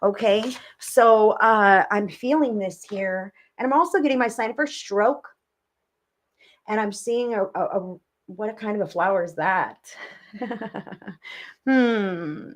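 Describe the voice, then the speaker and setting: A woman's voice: medium pitch, slow pace. A woman doing live psychic readings on a stream, chatting with viewers in a gushing, affectionate, rambling way.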